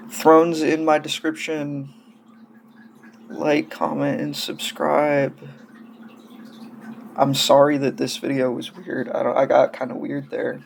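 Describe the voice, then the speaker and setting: A man's voice: on the high side, little pitch movement, slow, vocal fry, long pauses, a little hiss or hum. A man casually gushing and rambling through hobby news in a vlog, coming down with a cold and sounding feverish. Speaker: doll-hobby vlogger.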